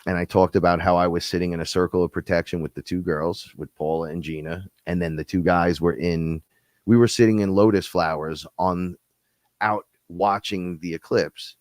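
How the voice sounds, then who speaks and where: A man hosting a casual spiritual talk show, telling stories in a rambling, profane, animated way. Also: low-pitched, moderate pace, no room sound. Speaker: host.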